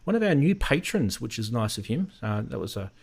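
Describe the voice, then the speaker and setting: Medium in pitch, his voice is sing-song, creaky and husky, and he speaks briskly. The Australian host of a relaxed synth live stream wanders from topic to topic and says hello to people in the chat by name.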